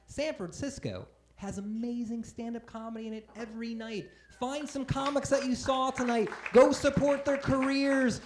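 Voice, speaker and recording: Male stand-up comic, forties, self-deprecating with loud outbursts; club stage mic, faint room noise behind. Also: very high-pitched, fairly even intonation, normal speed, few pauses. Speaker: stand-up comedian. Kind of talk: live stand-up set. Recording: roomy live club sound. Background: audience laughter.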